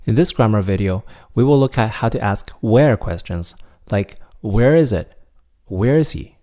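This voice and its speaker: A man teaching a recorded beginner language lesson, explaining patiently and slowing down to model each word. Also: fairly low pitch, expressive, warm tone. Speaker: Mandarin teacher.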